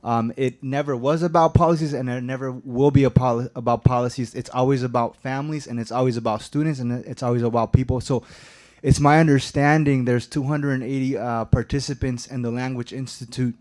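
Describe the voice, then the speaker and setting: A man making a public comment at a school board meeting, earnest and halting, with many fillers and restarts. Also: medium pitch, steady tone, darkish tone. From immigrant.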